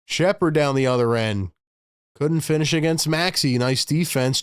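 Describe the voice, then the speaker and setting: A man's voice: fairly high pitch, normal speed, clean tone, dry recording, studio quality. A man hosting a live fan broadcast, calling the plays and scolding the team in exasperation. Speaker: host calling live play-by-play. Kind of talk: fan play-by-play and rant.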